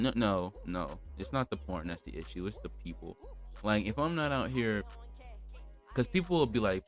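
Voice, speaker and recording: A man's voice: deep voice, lively intonation, brisk, soft background music. A young man hosting a casual livestream podcast, rambling in a blunt, profane rant. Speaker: podcast host.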